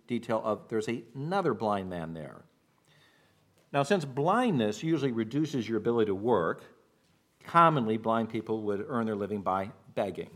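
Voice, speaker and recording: A man preaching a sermon as pastor, walking through scripture and now and then acting out the shouting of the people in the story. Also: medium pitch. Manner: expository preaching, acts out shouted quotes.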